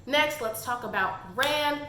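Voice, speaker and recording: A young woman chatting casually through a book review, animated and quick to act out characters in little asides. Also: high-pitched, echoey room, a little hiss or hum.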